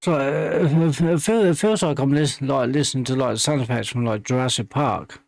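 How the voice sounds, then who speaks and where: A man's voice: medium pitch, moderate pace, vocal fry, noisy background. A man hosting a music reaction video, talking casually with many restarts and fillers, openly enthusiastic.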